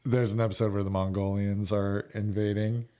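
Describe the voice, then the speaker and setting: A man's voice: lowish voice, flat delivery, normal speed, mellow. A middle-aged man co-hosting a podcast, chatting casually, laughing often and joking crudely. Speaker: podcast co-host. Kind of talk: casual chat.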